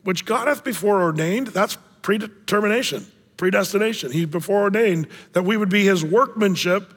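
A male pastor preaching in a church with a high, bright voice, animated and joking as he tells stories. The sound carries a long reverb from a big room. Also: normal speed, breathy edge. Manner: animated, jokey storytelling with acted-out voices. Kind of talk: sermon.

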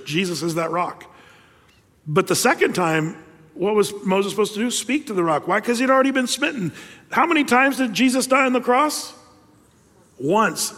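High-voiced male pastor preaching in a hall. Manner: lively storytelling, asks rhetorical questions. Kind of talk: sermon.

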